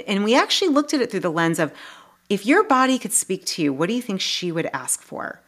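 Speaking briskly with a voice on the low side, this woman is a life coach talking as a podcast guest. Her delivery is earnest, heartfelt and animated, casual in tone and packed with asides and restarts.

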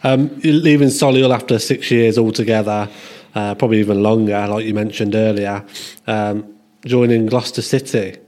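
A man's voice: lowish voice, fairly even intonation, moderate pace, darkish tone. A man hosting a casual podcast interview, asking easygoing questions and giving brief encouraging replies. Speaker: podcast host.

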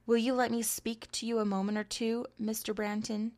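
A woman's voice: a little high, little pitch movement, moderate pace, a little mellow, natural voice. Brief: storybook society belle, young, earnest and pleading, read by a woman narrator. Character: young society woman, composed then agitated.

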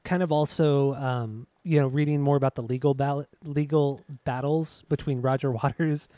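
A man's voice: medium pitch, fairly even intonation, normal speed, mellow, no echo. A man co-hosting a podcast, casually recounting a story with hesitant, rambling asides and swearing. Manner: rambling, hesitant, profane, many fillers. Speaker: podcast co-host. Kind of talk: casual chat, recounting music history.

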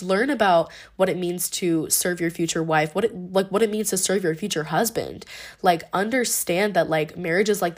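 Young woman, podcast host, casual faith talk, lots of fillers, lowish pitch. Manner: rambling, many fillers and restarts.

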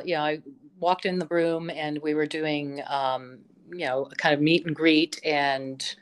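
A woman with a low voice tells stories as a guest on an interview podcast. She speaks slowly and with enthusiasm, filling her pauses with frequent ums and you-knows. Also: smooth. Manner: enthusiastic storytelling, full of fillers. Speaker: vocal instructor, interview guest. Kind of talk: casual interview chat.

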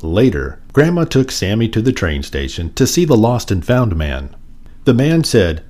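A man reading a children's picture book aloud in an expressive, sing-song way. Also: lowish voice, moderate pace. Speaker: storyteller.

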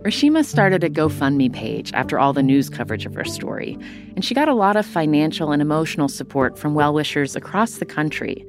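A woman hosts an interview podcast, narrating the story and asking questions in a measured, curious way. Her voice is very low. Faint music plays beneath her narration. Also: big pitch swings.

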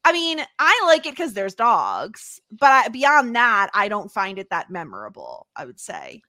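A woman's voice: mid-range voice, wildly swooping pitch, a little slow, bright, forceful tone, no echo, clean studio sound. A woman co-hosting a podcast, chatting casually and giggly about a show's theme song. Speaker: podcast co-host. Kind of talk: casual chat.

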